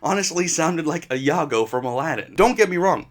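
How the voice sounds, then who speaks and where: A man's voice: on the high side, expressive, moderate pace. Opinionated man reviewing a film. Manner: opinionated, frank, conversational. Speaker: movie reviewer. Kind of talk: casual film review rant.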